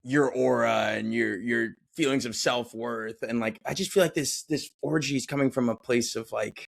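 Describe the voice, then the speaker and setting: A man's voice: medium pitch, fairly even intonation, moderate pace, gravelly. A man with a mid-range voice talks eagerly and loosely about a film. He jumps into impressions of the characters as he goes, in a chatty podcast tone. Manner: enthusiastic, rambling, mimics film characters. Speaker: podcast co-host. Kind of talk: casual film discussion.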